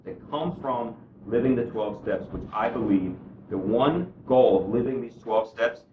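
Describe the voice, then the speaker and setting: A man's voice: mid-range voice, unhurried, darkish tone, a little hiss or hum. Earnest man telling his recovery story, distant and roomy. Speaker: guest speaker sharing his recovery story. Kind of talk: candid spoken testimony.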